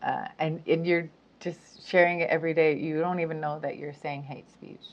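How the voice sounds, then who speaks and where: A woman's voice: deep voice, steady tone, moderate pace. A woman talking casually to her viewers, chatty with frequent giggles and fillers. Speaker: spiritual speaker. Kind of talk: casual monologue to camera. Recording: dull lo-fi sound.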